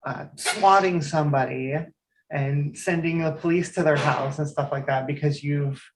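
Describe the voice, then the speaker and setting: A woman's voice: low voice, normal speed, a little hiss or hum. A woman in her thirties from Eastern Oregon, a guest in a casual interview, speaking earnestly and restarting her sentences.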